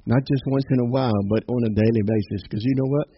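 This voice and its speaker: A man's voice: mid-range voice, steady tone, fast talker, slightly rough. A man giving an informal, upbeat devotional sermon, quoting scripture, laughing and punctuating lines with amen. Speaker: preacher. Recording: slightly dull lo-fi recording with faint noise.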